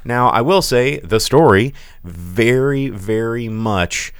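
A man's voice: mid-range voice, animated, takes it slowly, smooth, no echo, clean studio sound. A man co-hosting a movie podcast, chatting casually and rambling with many fillers and restarts. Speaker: podcast co-host reviewing movies. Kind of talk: casual chat.

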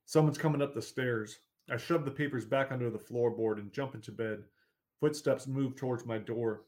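A man narrating a first-person story in a measured, steady reading voice. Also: mid-range voice. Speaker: audiobook narrator.

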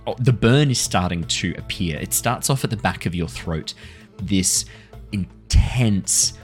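A man narrating a tabletop game as game master, lively and laughing often. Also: sits low.

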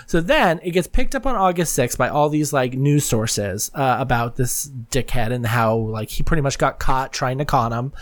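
A podcast host giving a solo rundown of news stories in a gossipy, excitable, profane way, full of quick asides. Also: mid-range voice.

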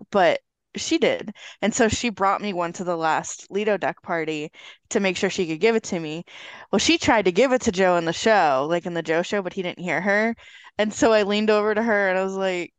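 A woman tells a story in casual podcast chat, acting out the lines she quotes. Her voice sits at a middle pitch and is recorded dry and close. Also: normal speed, smooth, no room sound. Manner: animated storyteller, acts out quotes. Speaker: podcast guest.

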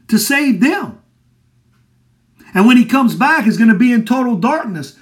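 High-voiced man preaching a sermon. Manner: emphatic, asks and answers his own questions. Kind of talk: Bible teaching sermon.

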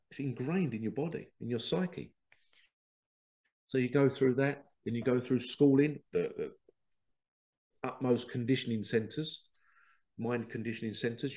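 A man's voice: medium pitch, creaky, a little mellow. A man hosting a spiritual self-help podcast, talking emphatically and slipping into voices of other people. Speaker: podcast host.

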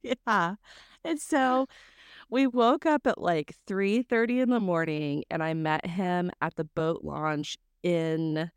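A young adult woman, co-hosting a podcast and telling a story in a lively, casual way that acts out what people said. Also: fairly low pitch, slow pace, smooth, dry recording. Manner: animated storyteller who acts out quotes and swears casually. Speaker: podcast co-host.

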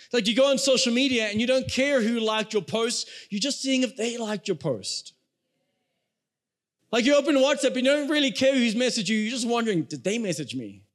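A man's voice: very high-pitched, a little fast, a bit bright. A young adult man, a pastor, preaching a sermon in a conversational way and speaking straight to the congregation.

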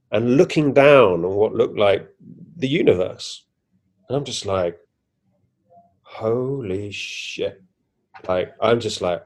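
A podcast guest with a lowish, slightly mellow, husky voice animatedly retells something that happened to him. In casual first-person style, he acts out his own reactions and keeps restarting his sentences.

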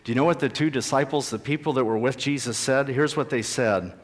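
A pastor preaching a sermon, emphatic and repeating key phrases for stress. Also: male voice, medium pitch, a little fast. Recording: long reverb in a large hall.

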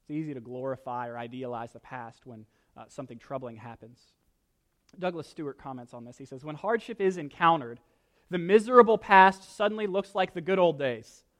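A male pastor delivering a sermon in a fairly high voice. He swings between quiet explanation and loud, slowed-down readings of scripture, with casual jokes thrown in. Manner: animated, rises loud when reading scripture, jokes asides.

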